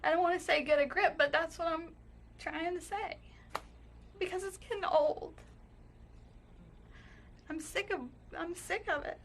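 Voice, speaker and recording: A woman's voice: very high voice, steady tone, measured pace, pauses often, a bit bright, slight background noise. A woman in her twenties confronting her sister, frank and exasperated. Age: 20s. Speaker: patient's sister. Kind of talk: emotional family confrontation.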